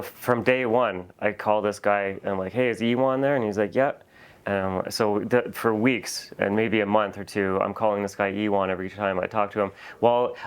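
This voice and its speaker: A man's voice: fairly low pitch, smooth. A man, a real estate coach, telling rambling, self-deprecating stories as a podcast guest. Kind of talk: casual storytelling interview.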